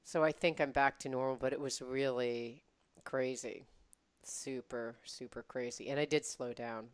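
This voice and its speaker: A woman co-hosting a casual podcast chat, telling a story in an animated way, with frequent restarts and laughter. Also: extremely low pitch, moderate pace, smooth, no echo. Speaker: podcast co-host.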